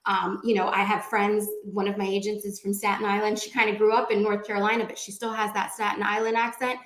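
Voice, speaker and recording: A woman speaking as a panelist on a video call, animated and chatty, with lots of "like". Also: medium pitch, fast talker. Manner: animated and chatty, many likes. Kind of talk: casual panel discussion. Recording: echoey room.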